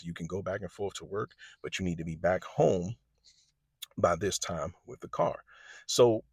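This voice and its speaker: A man tells a long personal story in a relaxed, chatty vlog style. His voice sits low and a little husky. He brings the people in his story to life by acting out their lines, and the recording is dry and close. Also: dry recording. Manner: animated storyteller, quotes others in lively voices. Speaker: vlogger telling a personal story. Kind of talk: casual storytime monologue.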